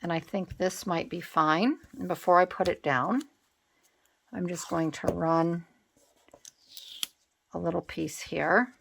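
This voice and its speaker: Her voice is low and gravelly, a bit bright, and she goes slowly with many pauses as she talks through her art journal crafting. The craft channel host thinks aloud casually, wavering and revising her choices. Slight background noise is audible.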